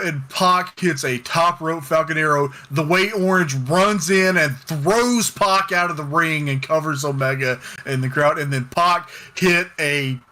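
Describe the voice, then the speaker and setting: A man co-hosting a wrestling review podcast, recapping a match in excited, casual chat, swearing and getting loud. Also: a little high. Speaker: podcast co-host.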